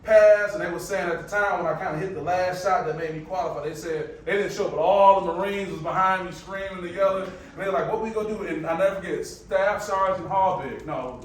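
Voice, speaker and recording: A man with a Michigan accent giving a motivational talk to a live audience, telling stories in a conversational, animated way with asides to the crowd. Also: high-pitched, fairly quick, few pauses, a little hiss or hum. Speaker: speaker presenting to a live audience. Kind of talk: motivational presentation. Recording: echoey room, voice from far off.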